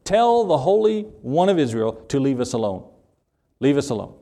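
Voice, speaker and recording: A man's voice: medium pitch, sing-song, moderate pace, warm tone. A man preaching a sermon as pastor, stressing words and acting out short quoted prayers. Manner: preaching with rising emphasis and acted-out quotes.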